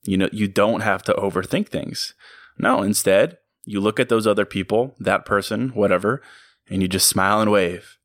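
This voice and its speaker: A low-voiced man talks straight into a close mic, delivering a motivational podcast monologue. He sounds earnest and reflective and chuckles at himself from time to time. The sound is dry and close, with no room around it. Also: steady tone, moderate pace, no room sound. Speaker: podcast host.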